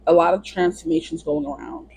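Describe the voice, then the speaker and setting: A woman's voice: fairly low pitch, sing-song, fairly quick, gravelly, darkish tone, a little hiss or hum, low-quality recording. A woman giving a casual pick-a-card tarot reading in a chatty, rambling way. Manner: chatty, rambling, lots of "you know". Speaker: tarot reader.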